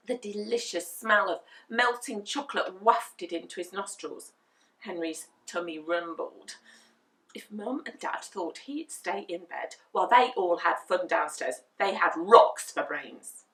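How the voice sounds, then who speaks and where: A woman reading a children's book aloud in an expressive storytelling manner. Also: lowish voice, measured pace. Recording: echoey room, mic at a distance.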